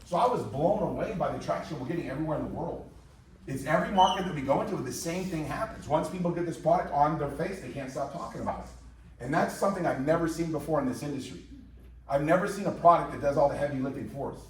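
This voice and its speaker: A man in his fifties giving an energetic, repetitive motivational sales presentation to a live audience in a large room, rallying the crowd. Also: fairly high pitch, quick pace. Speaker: company presenter. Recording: very echoey hall, mic far off.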